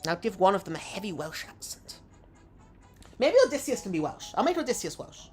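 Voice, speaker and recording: A woman's voice: medium pitch, big pitch swings, a little fast, darkish tone, faint music behind. A woman game streamer chatting playfully with her viewers. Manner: playful, laughing, greets chat. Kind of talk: casual live-stream chat.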